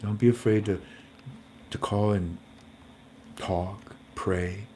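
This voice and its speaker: A man's voice: lowish voice, steady tone, takes it slowly, warm tone, slight background noise. A man hosting a casual, faith-based livestream in a folksy, rambling way, talking to his viewers as family. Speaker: host.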